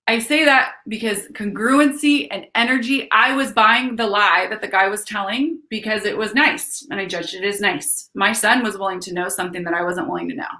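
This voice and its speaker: A woman chats on a live stream in a loose, unscripted way. She is frank and swears freely. She wanders through her points like a storyteller who keeps adding asides, at an ordinary middle pitch. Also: sharp tone. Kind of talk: casual live-streamed talk.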